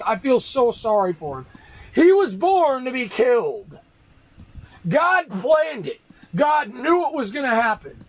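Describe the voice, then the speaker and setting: A man's voice: sits high, poor audio. A man ranting on a casual livestream, arguing with rhetorical questions and repeating his points.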